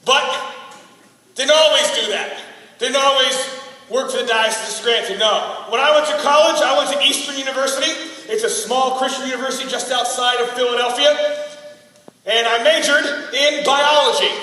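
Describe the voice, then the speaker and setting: High-voiced young man, energetic, shouting punchlines. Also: normal speed. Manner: animated, shouting punchlines, self-mocking. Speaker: youth speaker. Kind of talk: energetic comic youth talk. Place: large hall. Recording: echoey hall from far off. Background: teen audience.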